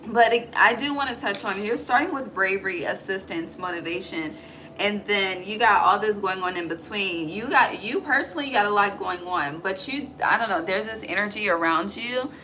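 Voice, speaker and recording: A woman reads tarot in a loose, chatty way, cursing casually and checking in with her listeners. Her voice is bright and forward. It is recorded on a phone with a faint hiss underneath. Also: mid-range voice, moderate pace, poor audio. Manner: chatty, profane, asks "okay?" often. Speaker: tarot reader. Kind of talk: casual intuitive tarot reading.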